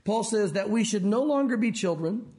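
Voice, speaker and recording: A man preaching a sermon in a conversational, joking way, leaning on emphatic pauses to stress his points. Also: sits high, lively intonation, a little mellow. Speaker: pastor.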